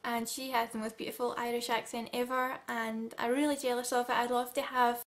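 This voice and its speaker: Woman vlogger, chatty, slightly high voice. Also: little pitch movement, brisk. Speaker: YouTuber. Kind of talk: casual vlog accent tag.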